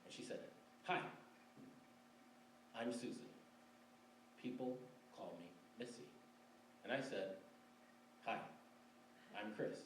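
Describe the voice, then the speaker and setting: On stage in a library event room, a Michigan man in his forties tells a wry personal story to a live audience, laughing between lines. His medium-pitched voice is slow with long pauses, caught from a distance in a roomy live recording with a little hiss or hum.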